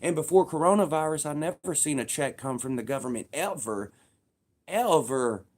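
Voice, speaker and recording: Thirties man with a slightly high voice, heated and profane, talks straight at the camera. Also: a little fast, a little mellow. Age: 30s. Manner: profane, heated, repetitive, emphatic. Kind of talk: casual political rant.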